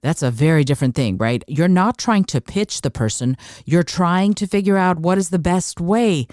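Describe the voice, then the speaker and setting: A woman's voice: on the low side, moderate pace, darkish tone, dry recording. Woman doing a solo podcast, punchy and emphatic, repeats herself for emphasis, dry close sound. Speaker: podcast host.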